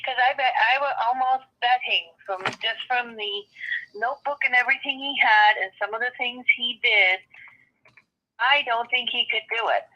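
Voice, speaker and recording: A woman's voice: fairly high pitch, moderate pace. A woman calling in to a casual chat, chatty and laughing at her own stories. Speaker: caller guest. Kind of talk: casual conversation. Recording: dull, lo-fi phone line.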